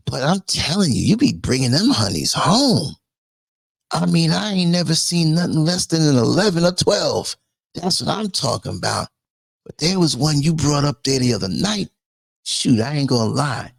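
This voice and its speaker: A man voicing a streetwise woman neighbor who talks in a slow, drawling way, recorded dry and close. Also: on the high side, lively intonation, vocal fry, no echo, pitched above the performer's own voice, heavily acted. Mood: teasing.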